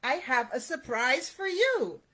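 A woman's voice: sits high, very animated, unhurried, bright, forceful tone, husky, full character voice. A woman reading the lines of a hopeful young male rabbit in a children's storybook, coaxing and secretive.

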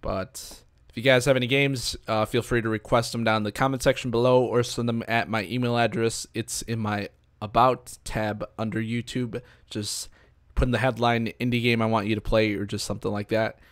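A man's voice: fairly low pitch, steady tone, fairly quick, no room sound, clean studio sound. A young man, a gaming YouTuber, closing a let's-play video by talking casually and easygoingly to his viewers. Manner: casual, laid-back sign-off to viewers.

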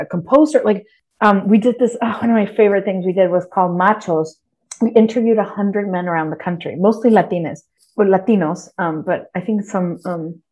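A woman in her forties from Texas, a guest writer talking in a lively, rambling way full of restarts. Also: medium pitch. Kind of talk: casual interview chat.

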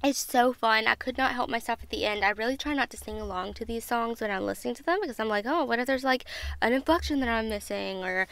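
A woman's voice: on the high side, fast, gravelly, a bit bright, no room sound. A woman, hosting a podcast and gushing over music in bubbly, casual chat. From Southern United States. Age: 20s. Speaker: podcast host.

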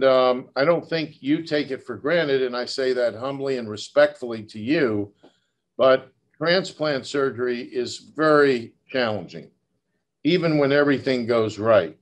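A man in his sixties, a surgeon giving a conversational lecture, telling stories and turning to audience members by name. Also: mid-range voice. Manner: storytelling, direct address to audience members.

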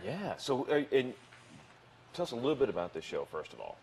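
A man hosting a morning show, chatting in an upbeat, quick-to-react way with his guests. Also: mid-range voice, big pitch swings, darkish tone, a little hiss or hum. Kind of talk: casual morning radio interview.

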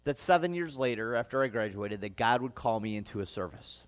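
A man's voice: mid-range voice, animated, a little fast. Earnest Midwestern man preaching in a reverberant church. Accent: Midwestern American. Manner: earnest, conversational preaching with rising emphatic passages. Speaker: pastor. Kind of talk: sermon. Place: church sanctuary. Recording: long reverb of a church hall.

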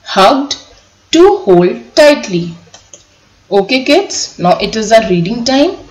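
A woman teacher giving an online lesson to young children, reading a story aloud slowly and spelling out words letter by letter. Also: a little high, very animated, darkish tone. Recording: echoey room.

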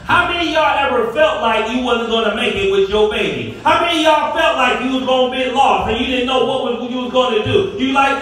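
High-voiced preacher echoing in a hall. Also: male voice, brisk, few pauses. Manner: preaching with call-and-response, rising to shouts. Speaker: pastor. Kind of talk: sermon. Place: church sanctuary. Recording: echoey hall, far from the mic.

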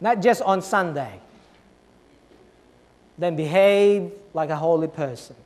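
A male pastor with a notably high voice delivers a sermon. He drives his points with repeated rhetorical questions. He swings from loud stresses down to soft, low asides. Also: takes it slowly, in a large hall.

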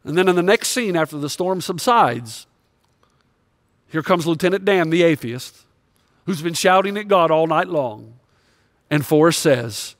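A man's voice: fairly high pitch, lively intonation, unhurried, pauses often, no room sound, studio quality. A male pastor preaching a sermon with impassioned, confessional storytelling.

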